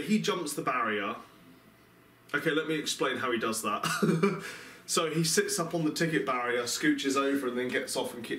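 A man's voice: mid-range voice, a bit bright, slight background noise. A young man from England with an English accent, telling a travel mishap to camera in an exasperated, rambling, self-mocking way, recorded outdoors at night in a city. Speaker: travel vlogger. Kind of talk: casual storytelling to camera.

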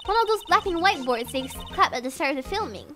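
Bubbly young sidekick girl, read by a woman, high and lively, bright tone. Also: fast talker, music in the background. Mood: excited. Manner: bubbly, exclaiming.

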